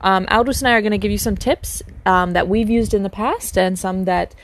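A woman's voice: medium pitch, fairly quick, slight background noise. A woman co-hosting a podcast, casually introducing the topic in a friendly way with fillers. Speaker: podcast co-host.

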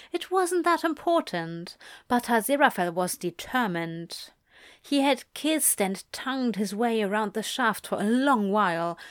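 Slow, dry-voiced woman reading a story. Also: fairly high pitch, dry recording. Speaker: audiobook reader. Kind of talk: scripted fiction narration.

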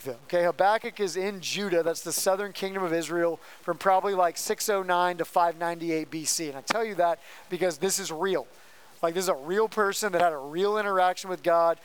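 A young man preaching a casual, conversational sermon to high school students as their youth pastor. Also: clean tone.

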